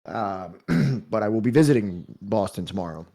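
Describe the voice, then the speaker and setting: A man's voice: fairly low pitch, expressive, moderate pace, mellow. A man from New Jersey hosting a podcast, chatting loosely and joking, with many fillers and restarts before discussing a book. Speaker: podcast host. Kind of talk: casual chat and book discussion.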